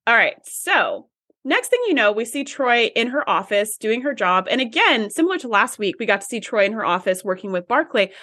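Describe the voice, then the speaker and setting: Woman, podcast co-host, casual chatty recap, laughs easily, slightly high pitch, animated intonation. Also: a little fast.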